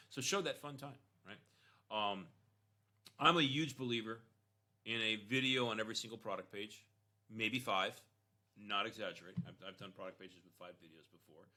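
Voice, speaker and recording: A man's voice: lowish voice, moderate pace, bright, forceful tone. A man talking casually while reviewing an online store, with frequent "right?" and "you know" and punchy emphasis. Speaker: e-commerce store consultant.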